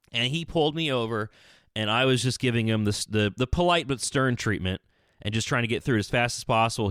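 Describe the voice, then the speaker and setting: Brief: male podcaster ranting solo, lively swinging pitch, dry close closet sound. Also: smooth, no room sound. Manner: animated, exasperated storytelling. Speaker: podcast host. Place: small closet.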